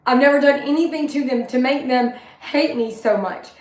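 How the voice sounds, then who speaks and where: A woman's voice: high voice, normal speed. A young adult woman talking candidly and emotionally in a rambling personal monologue. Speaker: vlogger. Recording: echoey room.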